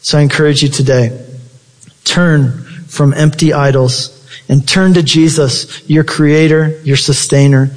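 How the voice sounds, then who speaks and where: A man's voice: fairly even intonation, a little slow, long reverb tail. A man preaching a sermon with passion, his voice leaping up for emphasis. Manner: impassioned preaching with sudden high-pitched emphasis. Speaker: pastor.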